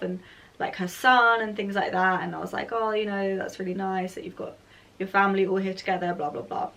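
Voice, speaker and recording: A woman's voice: medium pitch, fairly bright tone, recorded from a distance. Chatty young woman, slightly off-mic. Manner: chatty, filler-heavy, acts out her own thoughts. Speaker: vlogger. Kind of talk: casual storytime monologue.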